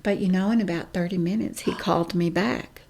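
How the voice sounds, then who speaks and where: In an interview, a middle-aged woman guest tells a personal story emphatically and with animation, acting out the dialogue. Her gravelly voice is fairly low in pitch and a little fast.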